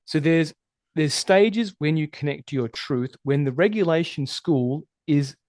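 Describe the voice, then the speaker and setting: A man talking as a relationship coach in a podcast interview, animated and emphatic, swearing freely. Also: on the high side, measured pace, no room sound, clean studio sound. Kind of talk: casual interview conversation.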